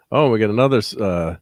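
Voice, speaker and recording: Middle-aged guy hosting a chill livestream, lowish voice, laughs a lot, dry sound. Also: no room sound. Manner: laid-back, chuckles often, lots of fillers. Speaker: host. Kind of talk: casual livestream chat.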